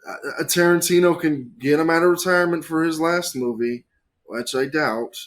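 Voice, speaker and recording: A man chatting casually as a podcast guest, animated and swearing freely, with big swings between loud and quiet. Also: fairly high pitch, moderate pace.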